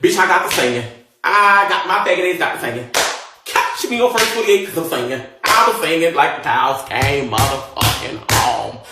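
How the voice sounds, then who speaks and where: A man vlogging from a car, retelling a story in a dramatic, profane, animated way. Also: on the high side, normal speed. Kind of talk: casual storytelling. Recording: echoey and distant from the mic, faint noise.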